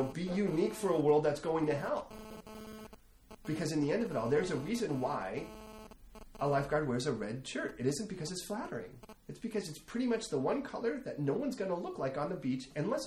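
Storytelling pastor in an echoey hall. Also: male voice, a little high, fairly quick, a little hiss or hum. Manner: storytelling, rising to animated emphasis. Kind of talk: sermon. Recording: echoey room, faint ambience.

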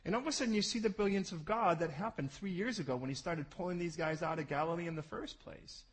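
Pastor guy preaching, husky and kinda high, jokey, goes loud then drops way down. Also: fast, rough recording. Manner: animated, jokey, swings from loud bursts to low asides. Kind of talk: sermon.

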